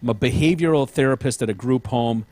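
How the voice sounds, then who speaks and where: A man talks in a loose, meandering podcast chat, hedging his points and filling gaps with "um." His voice sits at an ordinary middle pitch for a man. The recording is dry and close, with no room echo. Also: fast, a little mellow. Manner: rambling, hedging, lots of ums. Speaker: podcast host. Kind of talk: casual chat.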